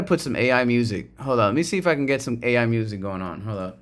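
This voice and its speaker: A man hosting a live market stream, rambling through casual commentary with swearing. His voice sits at an ordinary middle pitch. He drifts between chanted lines and quiet muttering as he watches charts. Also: fast, hardly any pauses. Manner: chants rap lyrics between loose profane trading talk. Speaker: livestream trader host.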